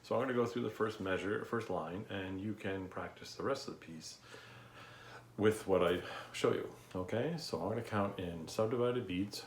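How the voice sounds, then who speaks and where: A man's voice: deep voice, moderate pace, echoey room, noisy background. A male music teacher giving an online lesson, counting beats aloud patiently and checking in with "okay?".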